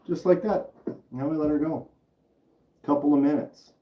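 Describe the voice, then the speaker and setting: A man's voice: a little high, fairly even intonation, normal speed, reverberant, far from the mic, muffled recording. A man hosting a casual livestream at home, chattily explaining each step and answering the chat aloud. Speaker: livestream host.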